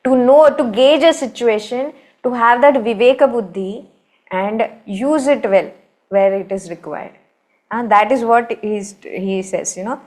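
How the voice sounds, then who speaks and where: A woman's voice: a little high, unhurried, a little mellow. Indian English woman telling a scripture story. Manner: conversational, many "you know" asides. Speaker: spiritual teacher.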